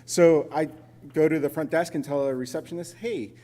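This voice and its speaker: A man from Los Angeles speaks from a conference stage in a fairly high voice, and the hall rings with a long reverb. He tells a jokey story with plenty of animation before moving into his sponsor pitch. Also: steady tone, fairly quick, mellow. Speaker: sponsor presenter. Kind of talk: conference talk with anecdote.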